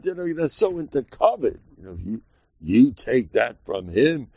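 A man teaching a Torah class in a lively way, acting out quoted voices and laughing often. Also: medium pitch, measured pace, creaky, slightly rough, dry recording, lo-fi sound.

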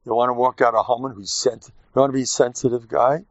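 Animated rabbi, dry lo-fi recording. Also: male voice, medium pitch, fast talker, no echo. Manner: animated, jokey, mixes Yiddish and Hebrew terms. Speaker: rabbi teaching a class. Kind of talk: informal Torah talk. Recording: dull dry lo-fi sound.

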